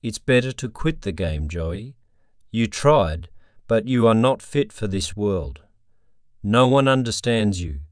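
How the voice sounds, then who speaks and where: A man reading a cruel, taunting inner voice in a cold, steady way, for an audio story. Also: on the low side, measured pace, clear, resonant tone, dry recording, clean studio sound. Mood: bleak.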